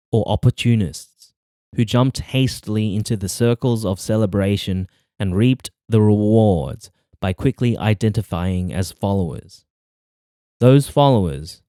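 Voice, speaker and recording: A man reading a novel aloud as an audiobook narrator in measured, even storytelling. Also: lowish voice, clean tone, dry recording, clean studio sound. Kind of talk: scripted narration.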